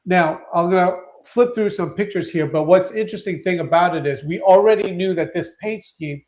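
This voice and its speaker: A man co-hosting a casual live-stream chat, talking excitedly and often restarting his sentences. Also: high voice, fairly quick. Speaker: co-host.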